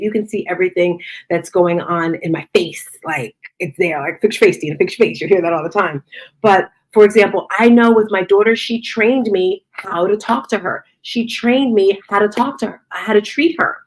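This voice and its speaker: A middle-aged woman giving a casual motivational talk, expressive and chatty, acting out conversations as she goes. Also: mid-range voice. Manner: expressive, acts out quoted conversations. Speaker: motivational speaker and fitness studio owner.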